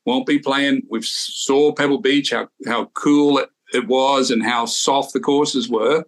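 A man's voice: mid-range voice, steady tone, unhurried. A man in his sixties with an Australian accent, a former tour pro co-hosting a podcast, telling stories in an easygoing way with many restarts. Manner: easygoing storyteller with frequent restarts. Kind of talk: casual podcast chat.

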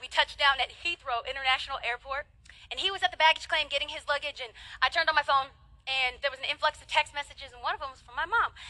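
Very high, bright-voiced woman preacher. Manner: animated, humorous storytelling with dramatic pauses. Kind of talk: sermon.

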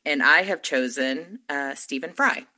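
A woman's voice: deep voice, a little slow, sharp tone. A woman on a podcast panel in casual chat, explaining her pick at length in a chatty, playful way. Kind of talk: casual fan-casting chat.

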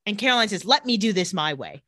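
Lively, bright-voiced woman recapping. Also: fast, no room sound, clean studio sound. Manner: animated, dips into low voices for characters. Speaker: podcast co-host recapping a TV episode. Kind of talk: casual chat with acted-out quotes.

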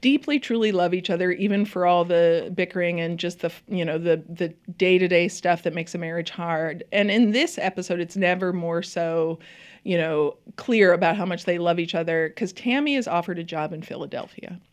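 A woman's voice: fairly low pitch, normal speed. A woman co-hosting a casual TV chat, talking effusively with lots of fillers and laughter. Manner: chatty and effusive, many fillers, laughs often. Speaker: podcast co-host.

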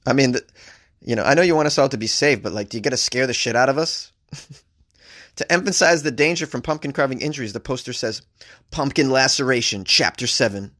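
A man's voice: mid-range voice, expressive, brisk, fairly bright tone. Male host, casual news commentary, sarcastic rambling delivery, swears freely. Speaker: host reading and reacting to news stories. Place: staying in a hotel abroad.

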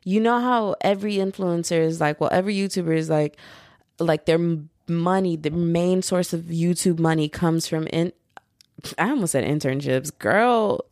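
A woman's voice: on the low side, moderate pace, darkish tone, no echo, clean studio sound. A young American woman hosting a solo podcast, rambling casually in slangy, chatty talk and laughing easily. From United States. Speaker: podcast host.

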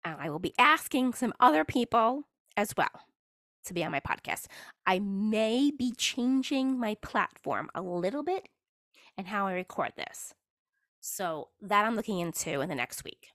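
A woman with a slightly bright, mid-range voice runs her own casual podcast as a solo monologue. She wanders chattily from thought to thought, stopping partway through sentences to restart, in a dry, clean studio recording.

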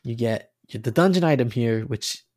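A man co-hosting a casual podcast, rambling about a video game with animated, swearing talk and many restarts. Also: medium pitch, moderate pace, no room sound. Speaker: podcast co-host.

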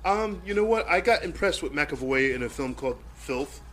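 A man's voice: on the high side, expressive, moderate pace, fairly bright tone, a little hiss or hum. A man co-hosting a casual movie chat, playful and jokey, often laughing as he talks. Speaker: podcast co-host.

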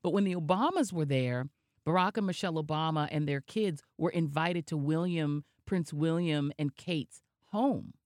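A woman co-hosting a casual chat podcast, telling stories in an animated, gossipy way. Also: low voice, normal speed, no echo, studio quality. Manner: animated storytelling, gossipy asides. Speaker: podcast co-host.

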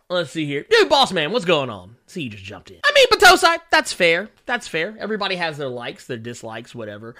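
A man's voice: fairly high pitch, wildly swooping pitch, a little fast, hardly any pauses, sharp tone. A man in his thirties hosting a casual livestream, ranting with profanity and laughing often while he reacts to chat. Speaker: livestream host.

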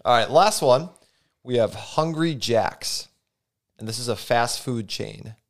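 A man's voice: mid-range voice, takes it slowly. A young man hosting a casual podcast chat, laughing often as he runs the segments. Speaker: podcast host.

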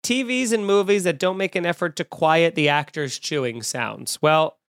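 Speaking at a normal pace, this podcast host has a clear, resonant voice that sits on the high side. His casual chat turns into lively, profane rants full of jokes, with sounds of him eating and drinking at the microphone.

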